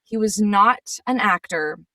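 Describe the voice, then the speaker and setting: A woman's voice: mid-range voice, unhurried, no room sound, distant mic. Woman voice actress, chatty and sassy, mid-range voice, dry and slightly off mic. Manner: animated storyteller, gets sassy and exasperated. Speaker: voice actress guest. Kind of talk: casual chat.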